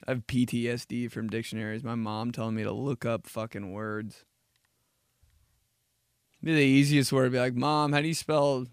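A young man hosting his own podcast, telling loose, profane stories with quick asides. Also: mid-range voice, fairly even intonation, smooth, no echo, clean studio sound. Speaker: podcast host. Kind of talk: casual solo podcast monologue.

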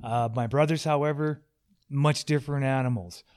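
A man hosting a casual podcast, joking and rambling, quick to poke fun at himself. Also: medium pitch, steady tone, a little mellow, smooth. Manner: joking, rambling, self-deprecating. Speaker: podcast host.

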